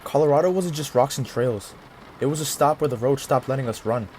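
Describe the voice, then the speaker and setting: A man's voice: medium pitch, brisk, darkish tone, slight background noise, lightly acted. A man playing an earnest, reflective hero. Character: devoted young husband missing his far-away wife. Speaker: narrator and lead character.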